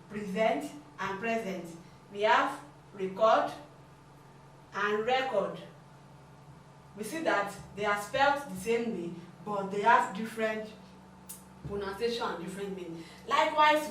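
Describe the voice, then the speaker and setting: A woman's voice: medium pitch, fairly bright tone, a little hiss or hum. A woman giving a language lesson, explaining patiently and repeating her points. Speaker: language teacher. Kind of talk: classroom lesson. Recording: echoey room, mic at a distance.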